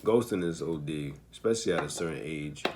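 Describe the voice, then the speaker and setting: A low-voiced man chats through his reactions in a relaxed, slangy way. He muses out loud and takes back his own words. A faint hiss sits under his voice. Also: a little fast. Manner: laid-back, slangy, thinking aloud and correcting himself. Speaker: commentator reacting to a dating show. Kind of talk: casual reaction commentary.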